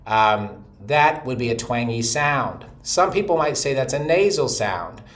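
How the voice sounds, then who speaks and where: Hoarse man teaching a voice lesson. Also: medium pitch, unhurried. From North Carolina, US. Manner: explains calmly, with short vocal demos. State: hoarse from laryngitis. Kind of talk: explanatory voice lesson.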